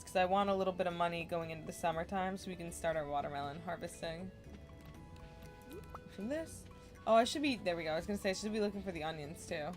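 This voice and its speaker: A woman giving casual, relaxed commentary while playing a farming video game, chatty and self-deprecating, with small muttered asides. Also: fairly low pitch. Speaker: gaming streamer.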